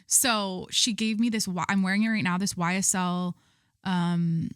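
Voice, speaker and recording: A woman's voice: medium pitch, little pitch movement, a little slow, clean tone, dry recording. Young woman, podcast host, rambling casual chat, lots of "like", dry close sound. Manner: chatty, rambling, filler-heavy storytelling.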